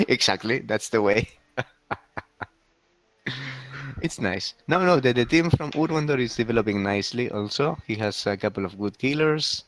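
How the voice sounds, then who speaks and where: A man co-hosting a casual game league recap, talking with many pauses and restarts. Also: medium pitch, sing-song, fairly bright tone. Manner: hesitant, many fillers and restarts.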